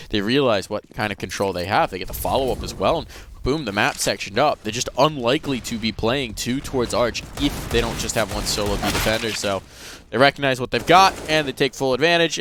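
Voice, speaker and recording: A man casting a live esports tournament, chatty with bursts of excited play calls. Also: fairly low pitch, a little hiss or hum. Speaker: esports caster. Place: live tournament broadcast desk.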